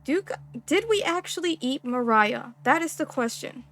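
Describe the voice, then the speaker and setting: Excitable, swearing young woman gaming. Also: high voice, normal speed. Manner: excitable, swearing, slangy reactions. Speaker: gaming streamer. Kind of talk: let's play commentary, reading game text aloud.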